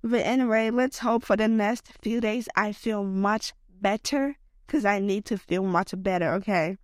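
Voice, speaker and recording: A woman's voice: medium pitch, a little slow, no echo, clean studio sound. A young woman hosting a solo podcast rant while sick, her voice worn by illness, rambling and emotional with lots of "like" and "okay?". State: unwell, voice affected by illness. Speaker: podcast host.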